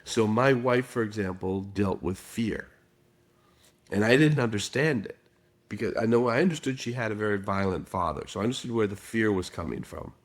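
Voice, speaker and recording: A middle-aged man with a fairly low voice and moderate pace appears as a guest expert on a podcast interview. He tells stories and acts out the quotes within them.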